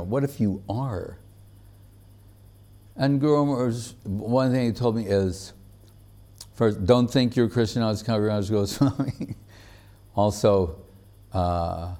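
A man giving a devotional lecture, speaking haltingly with many fillers and growing animated when he quotes others. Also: lowish voice. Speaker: spiritual teacher giving a talk.

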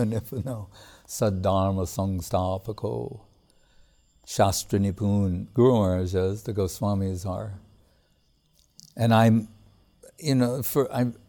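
A man's voice: lowish voice, dark tone. A man giving a casual devotional class as a spiritual teacher, talking in a loose conversational way with frequent chuckles and restarts.

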